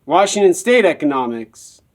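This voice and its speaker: A man's voice: on the high side, big pitch swings, moderate pace. A man telling a personal story in a rambling, repetitive monologue.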